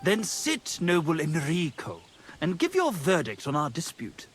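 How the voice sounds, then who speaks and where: An actor playing a pompous, lovesick young poet in a video game, speaking theatrically and pedantically. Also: male voice, fairly high pitch, huge pitch swings, a little slow, fairly bright tone, slightly rough, heavily acted. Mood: haughty.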